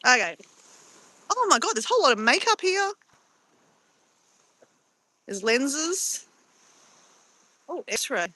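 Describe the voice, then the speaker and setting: A middle-aged woman live-streaming from her phone, her voice fairly high and bright, swooping up and down with playful delight. The sound is close and dry. She chats casually to her viewers and exclaims at whatever she finds. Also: very animated, slow, pauses often, dry recording, low-quality recording. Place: outdoors near a beach.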